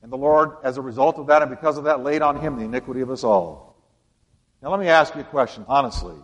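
A male pastor preaching a sermon with dramatic emphasis, repeating phrases and slowing down on key words. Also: mid-range voice, long reverb tail, muffled recording. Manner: dramatic preaching with emphatic repetition and slowed punch lines.

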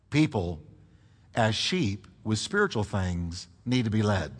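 A man preaching a sermon as a pastor, animated and leading his congregation in call-and-response. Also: fairly high pitch, in a large hall.

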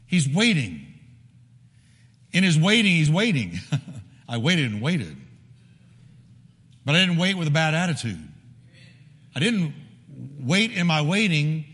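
Male pastor, animated sermon, fairly high voice, long hall reverb. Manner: emphatic, repetitive preaching with sudden drops to near-whisper. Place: church sanctuary.

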